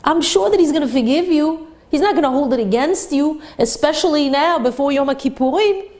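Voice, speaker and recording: A woman's voice: high-pitched, lively intonation, a little fast, darkish tone, voice pushed up. Woman voicing reassuring friend, soothing, encouraging.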